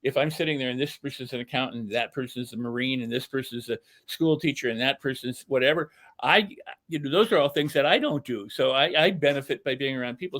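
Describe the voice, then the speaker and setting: A man's voice: medium pitch, a bit bright. An older man, a self-help speaker, earnestly telling a personal story as a podcast guest, repeating phrases for emphasis. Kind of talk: candid storytelling.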